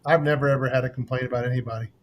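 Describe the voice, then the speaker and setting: A man's voice: medium pitch, steady tone, very fast. A man hosting a live stream, chatting casually and joking with frequent laughs.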